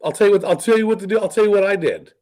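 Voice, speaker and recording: Insistent high-voiced man. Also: racing, a little mellow, poor audio. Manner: insistent, repeats phrases. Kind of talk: casual chat.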